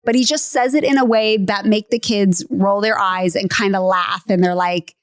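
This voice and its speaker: A woman's voice: mid-range voice, moderate pace, no echo, studio quality. A middle-aged woman hosting a faith podcast, talking casually and animatedly, laughing often. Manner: animated, laughs often, acts out quoted voices. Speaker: podcast host.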